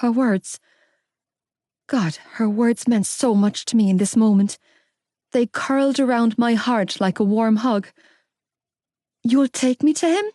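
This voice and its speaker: Woman audiobook narrator, intimate first-person romance read, mellow, dry booth sound. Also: a little high, fairly even intonation, a little slow, no room sound.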